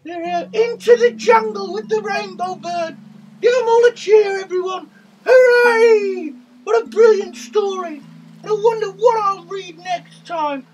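A man voicing an excitable young male rabbit puppet who loves carrots and fears foxes, reading a children's story with sound effects and cheers. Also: normal speed, recorded from a distance, lo-fi sound, noisy background. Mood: excited. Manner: squeaky, bouncy, full of sound effects and cheers.

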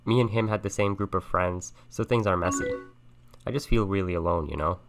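A young man playing a chat game on stream, thinking aloud and softly reading the messages on screen. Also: sits low, fairly quick. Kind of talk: casual let's-play commentary. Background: game music and keyboard typing.

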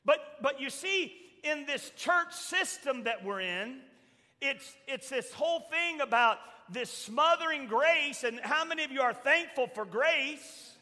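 Male pastor, very high bright voice, emphatic sermon delivery, church hall echo. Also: expressive, a little slow. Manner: emphatic preaching, swings from loud shouts to soft quoted asides. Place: church sanctuary. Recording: long church reverb.

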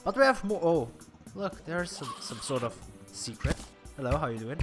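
High, bright-voiced young man gaming. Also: sing-song, a little fast, soft background music. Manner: rambling, swears freely, many restarts and fillers. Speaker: gameplay commentator. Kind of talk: casual game commentary.

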